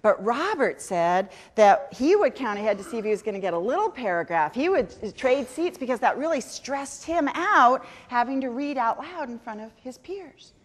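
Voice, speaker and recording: Lively woman presenting in a reverberant hall. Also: fairly high pitch, normal speed, hardly any pauses. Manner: lively, chatty, self-mocking asides. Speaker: education speaker. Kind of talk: conference presentation to teachers. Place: large conference hall.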